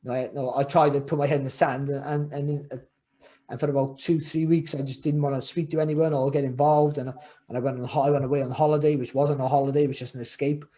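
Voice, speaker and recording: A man's voice: medium pitch, level tone, quick pace, mellow. A middle-aged man, a former boxer, telling his story in a podcast interview, rambling and restarting his sentences as he reflects. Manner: rambling, repeats words and restarts often, reflective. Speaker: guest, former world champion boxer.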